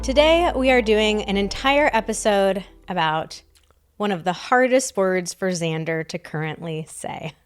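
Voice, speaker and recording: A woman's voice: medium pitch, expressive, unhurried, smooth, faint music behind. Upbeat woman podcast host. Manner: teasing, upbeat. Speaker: sex therapist and podcast host. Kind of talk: casual chat.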